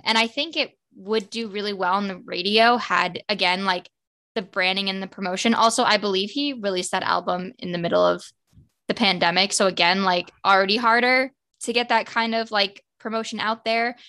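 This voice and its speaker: Young woman gushing about music, lots of likes, bright clear voice. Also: mid-range voice, steady tone. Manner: fan-girly, quick, lots of "like" fillers. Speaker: podcast co-host. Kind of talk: casual chat.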